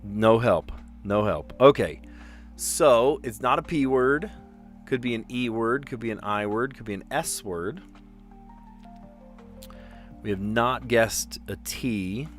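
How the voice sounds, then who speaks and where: A middle-aged man talks through a word puzzle in an easy, chatty way, muttering letters under his breath and laughing at his own mistakes. His voice sits at an ordinary middle pitch, with faint music playing quietly behind him. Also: slow, pauses often. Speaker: teacher and puzzle streamer. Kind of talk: casual thinking-aloud puzzle play.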